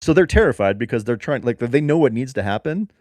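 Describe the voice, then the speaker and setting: A man co-hosting a comedy podcast, rambling through an absurd improvised story in a deadpan way. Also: medium pitch, fast talker, no echo, clean studio sound. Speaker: podcast co-host.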